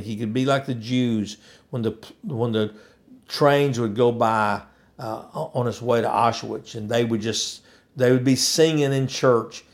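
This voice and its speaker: A man's voice: medium pitch, a little mellow. A man delivering an emphatic, preachy opinion monologue, hammering points with repetition.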